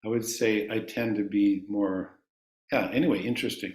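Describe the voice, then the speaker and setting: A man teaching a chanting class, calmly explaining ideas and singing long vowels for his students to repeat. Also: on the low side, moderate pace, roomy sound.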